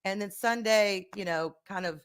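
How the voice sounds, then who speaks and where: A woman hosting a casual live stream, candid and rambling, swearing freely and swinging between soft and loud as she answers viewers. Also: medium pitch, normal speed, clean tone. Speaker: livestream host.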